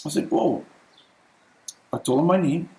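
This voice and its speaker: Throat-clearing pastor, roomy echo. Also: male voice, on the high side, a little slow, warm tone. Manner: conversational storytelling, often clearing his throat. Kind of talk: sermon.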